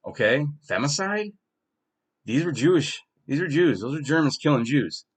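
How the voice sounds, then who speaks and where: A man's voice: on the high side, expressive, moderate pace, breathy edge. A man hosting his own podcast, delivering a heated, profane solo monologue with strong emphasis. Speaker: podcast host.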